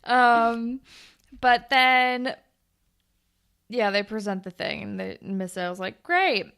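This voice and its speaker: A woman's voice: a little high, flat delivery, slow pace, vocal fry, fairly bright tone, smooth. A young woman co-hosting a podcast, recapping a TV episode in casual chat, laughing often and filling with "like" and "um". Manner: chatty, laughs often, lots of "like" and "um". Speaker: podcast co-host.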